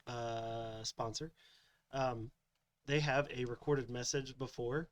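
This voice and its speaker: A man co-hosting a casual podcast with friends, animated, laughing often and slipping into mimicked voices. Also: mid-range voice, slow. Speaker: podcast co-host. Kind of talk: casual banter among friends.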